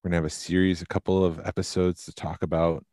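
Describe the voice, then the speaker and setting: Male podcast co-host, very low pitch, tired and halting, dry sound. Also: little pitch movement, darkish tone, no room sound. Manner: tired, halting, with many ums. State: sleepy. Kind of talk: casual chat.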